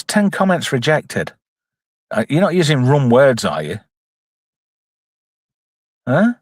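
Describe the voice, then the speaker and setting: A streamer with a husky, medium-pitched voice reviews a film in clean studio sound with no echo. His live commentary is jokey and casual; he reads out chat messages and puts on silly voices.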